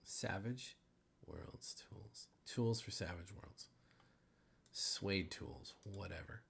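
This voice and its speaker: Low voiced guy gm'ing a tabletop game, slow and easy, mumbles while fixing stuff. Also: vocal fry, husky. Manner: unhurried, mutters while fixing software. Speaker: game master. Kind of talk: narrating a tabletop game over a call.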